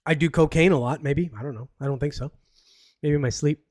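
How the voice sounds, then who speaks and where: A fairly high-pitched man hosting a casual live podcast, reading out news stories and breaking off into sarcastic, rambling asides. The sound is close and dry, with no room around it. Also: a little fast, a little mellow, no echo. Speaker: podcast host.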